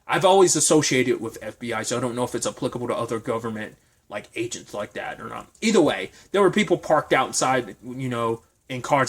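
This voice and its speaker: A man's voice: mid-range voice, a bit bright. A man reviewing a TV episode in a casual, rambling recap full of fillers and speculation.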